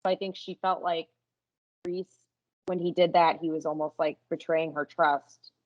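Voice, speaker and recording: Lower-voiced woman in a lo-fi book chat. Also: fairly even intonation, moderate pace. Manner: giggly, rambling, lots of "like". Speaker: book club host. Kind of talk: casual chat. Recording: dull lo-fi recording.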